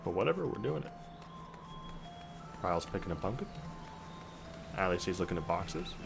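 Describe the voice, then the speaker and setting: A man with a lowish voice streams a game and tosses off wry, laid-back remarks. Clear game music plays behind his talk. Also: very animated, normal speed. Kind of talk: casual gameplay commentary.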